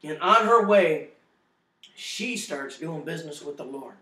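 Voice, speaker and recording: A middle-aged man giving a spoken testimony, telling his story in an animated way and acting out the quotes loudly. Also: on the high side, a little slow. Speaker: testimony speaker. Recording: echoey room, distant mic.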